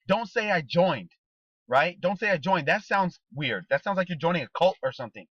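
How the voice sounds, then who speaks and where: A man coaching a team in a motivational training talk, his slightly raised voice bright and forceful. He drives points home with rhetorical questions and checks in with "okay?". The recording is dry and a little dull. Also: high-pitched, lively intonation, fairly quick, dry recording. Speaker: network marketing trainer.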